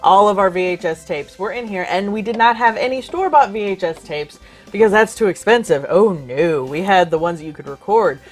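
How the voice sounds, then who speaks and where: A woman in her thirties co-hosting a casual chat about thrift and flea market finds, excitable and jokey. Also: medium pitch, brisk, soft background music. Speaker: co-host.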